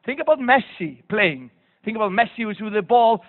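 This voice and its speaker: A man with a high voice delivers a motivational keynote, animated and hammering his points home by repeating them. The sound is thin and tinny, like a lo-fi audience recording. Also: normal speed, in a large hall. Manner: animated, acts out quotes, repeats key phrases for emphasis. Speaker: keynote speaker. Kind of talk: motivational conference talk. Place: conference hall.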